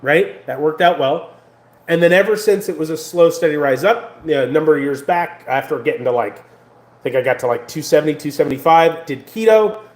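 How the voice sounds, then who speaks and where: American guy rambling into the camera, lots of likes and restarts, roomy echo. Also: a little high. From United States. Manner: rambling, animated, many fillers and restarts. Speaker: vlogger. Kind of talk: casual vlog monologue.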